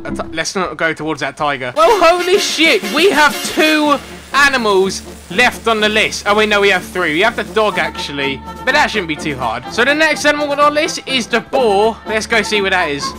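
A young man giving excitable let's-play commentary, yelping and shouting whenever something surprises him. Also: high voice, normal speed, over music. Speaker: gaming commentator.

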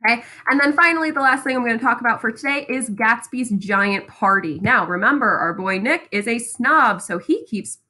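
Bright, sassy woman teacher lecturing. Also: on the high side, normal speed, few pauses. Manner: lively, sassy, conversational, checks in with "right?" and "okay?". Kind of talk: recorded classroom lecture.

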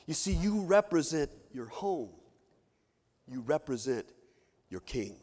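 A man's voice: on the high side, sing-song, slow, long pauses, darkish tone. Man preaching in a reverberant church. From Kentucky. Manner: storytelling, mimics imagined voices. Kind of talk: sermon. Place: church sanctuary. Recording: long reverb of a church hall.

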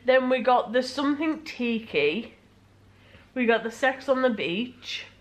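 A woman's voice: on the high side, animated, a little slow. A young woman chatting casually and giggling in a vlog, a little tipsy. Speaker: vlogger. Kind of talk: casual chat. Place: pub, then hotel room.

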